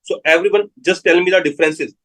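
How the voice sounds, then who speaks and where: A man's voice: sits high, quick pace, a bit bright, rough recording. A man with an Indian English accent giving a live medical lecture, repeating key terms and putting questions to his students.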